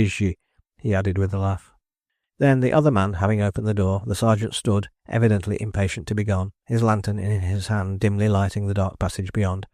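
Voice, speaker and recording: A man reading a novel aloud as an audiobook narrator, in measured, deliberate scripted narration. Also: lowish voice, dark tone, dry recording, studio quality.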